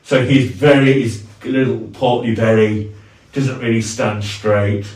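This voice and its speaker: A man talks through his costume in a relaxed, chatty way, stopping and restarting as he goes. He sounds a bit far from the mic, and the room echoes around him. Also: medium pitch. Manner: chatty, halting, with fillers and restarts. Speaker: cosplayer, video host. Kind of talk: casual costume walkthrough.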